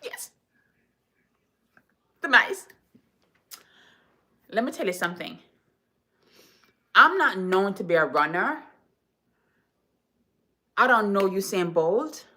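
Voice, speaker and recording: A woman from Jamaica, a home decor vlogger, telling stories to her viewers in an animated, chatty, dramatic way. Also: mid-range voice, a little slow, long pauses. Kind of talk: casual storytelling to viewers.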